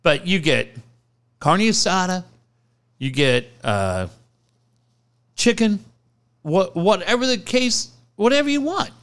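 Animated, lively-pitched man in casual chat. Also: slow pace, pauses often. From San Diego area, US. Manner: animated, swearing, rambling.

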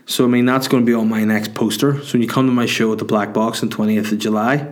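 A man's voice: lowish voice, level tone, quick pace. A man, a comedian telling a story in a chatty, self-mocking way, swearing freely. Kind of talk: casual storytelling monologue.

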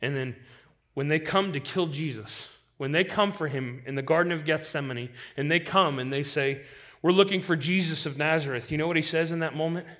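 Fervent preaching man, slightly high voice. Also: fairly quick. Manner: impassioned preaching, swings from loud to hushed. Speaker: pastor. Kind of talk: sermon.

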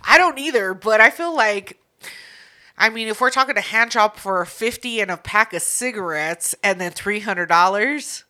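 A woman co-hosting a casual chat, reacting with quick, profane jokes. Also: mid-range voice, bright, forceful tone. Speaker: podcast co-host.

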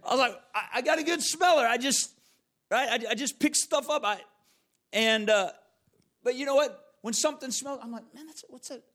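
High-pitched preacher guy, storytelling, repeats stuff for emphasis. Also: moderate pace, fairly bright tone. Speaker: pastor. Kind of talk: sermon.

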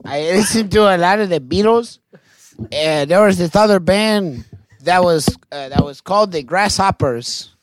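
A man's voice: high-pitched, expressive, normal speed, dry recording. A man improvising a brash, foul-mouthed rambling guest with a put-on southern accent, in a comedy interview. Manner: rambling, swearing, flips between put-on southern and other accents. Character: brash foul-mouthed man claiming to be a musician who lived under a tree.

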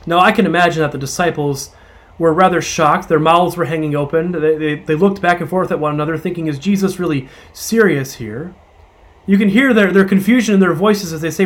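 A man with a high, light voice delivers a sermon. He retells the gospel story in a conversational way, gives the disciples voiced asides, and slows down to stress key points. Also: animated. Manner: retells scripture with voiced asides, slowing for emphasis. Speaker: preacher.

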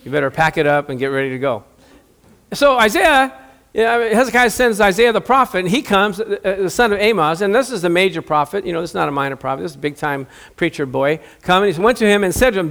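A middle-aged male preacher with a high-pitched voice delivers an animated sermon. He jokes with the congregation and plays out the lines of Bible characters. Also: fairly quick, gravelly.

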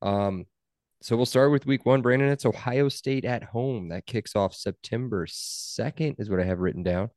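A man's voice: medium pitch, moderate pace, a little mellow, dry recording, studio quality. A young man hosting a casual sports podcast, talking in a wry, teasing way. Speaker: podcast host.

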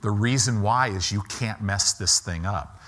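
A man's voice: on the low side, a little slow, fairly bright tone. A middle-aged man preaching a sermon, emphatic and repetitive, leading the congregation in call-and-response. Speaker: pastor.

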